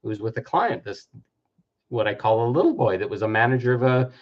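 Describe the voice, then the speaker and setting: A man in his fifties delivers an earnest, reflective personal-growth talk, now and then acting out the voices of people he quotes. His mid-range voice is very animated and brisk, captured on a dull lo-fi recording.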